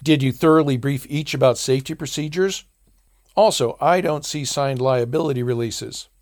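A man's voice: mid-range voice, moderate pace, darkish tone, dry recording, studio quality, pitched above the performer's own voice, close to an everyday voice. A man voicing a sleazy, contemptuous male bar owner in an audiobook, speaking in a stern, clipped, accusing way.

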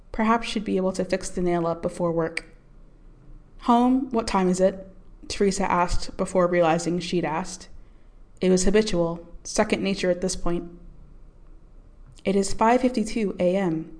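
A woman reads a story aloud with calm, measured pacing. Her voice sits a little low for a woman, and she tells the story steadily. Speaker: narrator. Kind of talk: scripted audiobook narration.

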